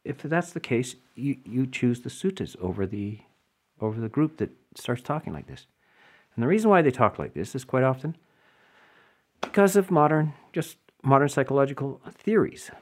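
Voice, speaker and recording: Lively, emphatic male meditation teacher. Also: mid-range voice, moderate pace. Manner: emphatic, explanatory, with rhetorical questions. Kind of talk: dharma talk answering listener questions.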